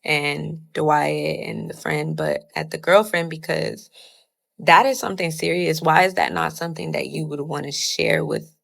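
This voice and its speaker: A woman's voice: low voice, lively intonation, unhurried, vocal fry, fairly bright tone. A young woman casually telling a personal story, retelling it with lots of "I was like" quotes.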